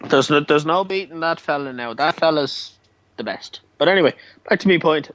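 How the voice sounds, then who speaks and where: A man's voice: a little high, moderate pace, fairly bright tone, no echo, dull audio. A man chatting with lots of swearing and teasing on a late-night phone-in show. He stumbles over repeated words after a lot of beer. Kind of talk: casual banter over a call. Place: abroad, time zone ahead of the other host.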